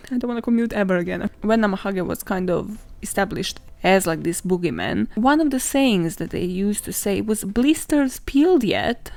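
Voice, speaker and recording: Sweary, chatty woman podcaster with gravelly voice. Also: mid-range voice, a little mellow. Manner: chatty, sweary and sarcastic, laughing often; dramatizes stories and acts out quotes. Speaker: podcast host. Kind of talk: casual solo podcast storytelling.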